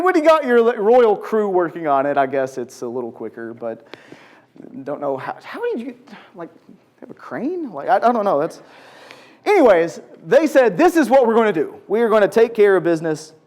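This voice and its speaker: A man teaching a conversational Bible lesson to a group in a large church room, asking the audience questions and acting out quotes. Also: high-pitched. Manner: animated, asks the audience questions, acts out quotes.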